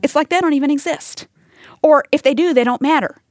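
Woman Bible teacher, fairly high voice, dry close sound, earnest and conversational with her listeners. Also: brisk, no echo. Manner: earnest, talks straight to listeners with rhetorical questions. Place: live teaching session with women listening.

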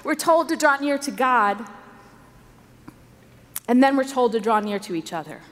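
Woman, sermon, earnest storytelling, emphatic repeats, somewhat high voice, long hall reverb. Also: lively intonation, unhurried, a bit bright. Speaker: conference speaker. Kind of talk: sermon to a women's conference. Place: large conference hall.

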